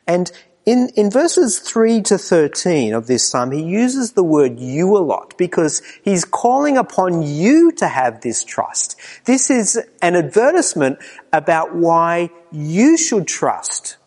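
A man preaching a sermon with earnest emphasis. He asks his listeners pointed questions and often drops to a hushed tone. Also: sits high, sing-song, slow pace, long reverb tail.

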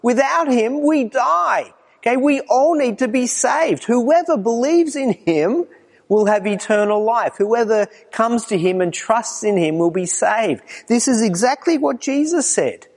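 A man preaching a morning sermon, moving between quiet low passages and raised, emphatic lines. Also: lively intonation, unhurried. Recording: long reverb of a hall.

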